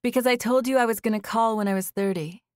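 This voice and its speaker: A woman's voice: a little high, fast, darkish tone, dry recording, clean studio sound, voice pushed up, lightly acted. A woman narrator voicing a nervous, breathless woman in her thirties who rambles on a phone call, read as audiobook dialogue. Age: 30s.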